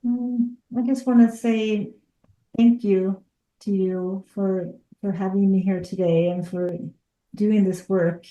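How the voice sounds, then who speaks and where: Woman interview guest, a life coach, earnest and halting, roomy echoey sound. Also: mid-range voice, steady tone, warm tone, lo-fi sound. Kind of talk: interview chat.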